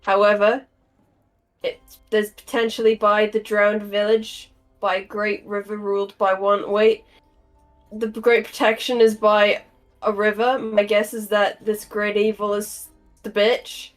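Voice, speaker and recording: A woman's voice: mid-range voice, level tone, unhurried, faint music behind, low-quality recording. A woman playing a tabletop game, casually thinking aloud over her notes with many fillers. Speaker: player and note taker.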